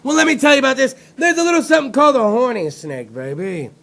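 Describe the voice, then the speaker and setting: A man hosting a talk show, delivering a rowdy, profane comedic rant with loud outbursts. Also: very high voice, lively intonation, quick pace, creaky.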